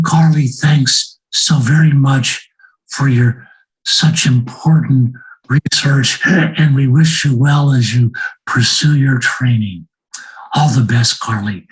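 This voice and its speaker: A man speaking for a library board in slow, deliberate closing remarks, presenting an award over a video call. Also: medium pitch, low-quality recording.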